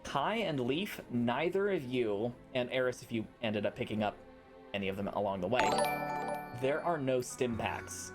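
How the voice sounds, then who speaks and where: A man narrating as game master in a relaxed, rambling way. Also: mid-range voice, normal speed. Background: music.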